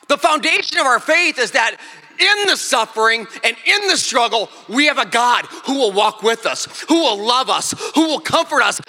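A middle-aged male pastor preaching a sermon, animated and joking, acting out little scenes as he goes. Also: very high-pitched. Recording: echoey hall with long reverb.

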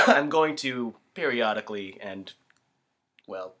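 A man co-hosting a casual movie podcast, hoarse from a cold and coughing, with a dry teasing manner. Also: mid-range voice, lively intonation, slow pace, pushed and bright. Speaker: podcast co-host. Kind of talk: casual movie review chat.

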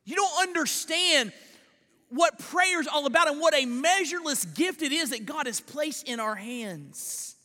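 Bright high-voiced preacher in a reverberant church. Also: male voice, expressive. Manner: dynamic preaching, swinging from loud emphatic lines to hushed slow ones; repeats words at the start of phrases. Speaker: pastor. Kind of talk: sermon. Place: church sanctuary.

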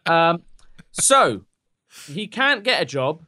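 Joking British man with a lively voice. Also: fairly high pitch, no echo, studio quality. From Britain. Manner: joking, quick banter. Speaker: co-host. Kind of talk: casual podcast chat.

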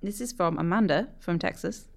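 A woman's voice: on the low side, moderate pace, gravelly. A woman co-hosting a podcast in casual, dry, teasing chat. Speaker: podcast co-host.

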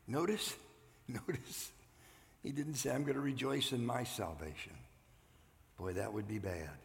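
An older man preaching a sermon, earnest, rising loud and then dropping to a hush. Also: medium pitch, big pitch swings, slow, gravelly, long pauses, long reverb tail, a little hiss or hum. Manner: earnest, swings from loud to hushed. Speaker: pastor. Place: church sanctuary.

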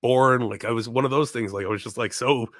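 A young man tells rambling, animated stories as a podcast guest, laughing and swearing through them. His voice sits at an ordinary middle pitch. The sound is dry and close, with no room echo. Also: fairly quick. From Chicago. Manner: animated, laughing, swears often, many restarts. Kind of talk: casual storytelling chat.

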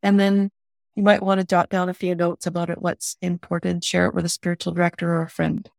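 A woman's voice: fairly low pitch, completely flat delivery, a little fast, creaky, no room sound, studio quality. A woman teaching a guided prayer practice in an earnest, plain-spoken way, often restarting her sentences. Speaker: spiritual director teaching prayer.

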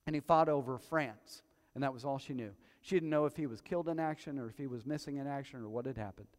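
A male pastor preaching a sermon to his congregation, telling stories with quiet asides that build to loud, emphatic peaks. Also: mid-range voice, fast. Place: church hall before a congregation. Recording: long hall reverb.

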